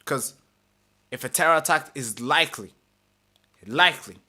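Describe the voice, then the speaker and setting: A man's voice: a little high, animated, moderate pace, pushed and bright. A male host reading an article aloud during a live stream and commenting on it, swearing, repeating himself and putting on mocking voices.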